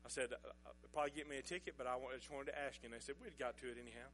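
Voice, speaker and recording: A man's voice: medium pitch, fairly even intonation, very fast, a bit bright, a little hiss or hum. A middle-aged man, telling a folksy, chuckling story as a sermon illustration. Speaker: pastor.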